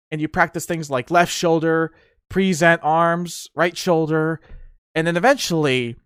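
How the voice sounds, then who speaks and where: Animated young man recounting boot camp. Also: a little high, smooth, no echo, studio quality. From United States. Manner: animated, laughs often, acts out yelling drill instructors. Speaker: podcast host. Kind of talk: casual solo storytelling.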